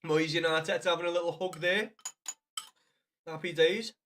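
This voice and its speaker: A man's voice: a little high, fairly even intonation, moderate pace, a bit bright. A man chatting casually to viewers on a live game stream, swearing freely and calling everyone lad.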